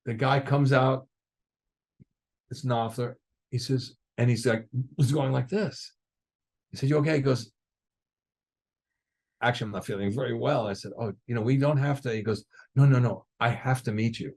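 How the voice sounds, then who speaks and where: A man's voice: mid-range voice, normal speed, pauses often. An older man, a guest drummer, telling stories in a casual interview and acting out what others said. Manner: animated, acts out other people's lines in his stories.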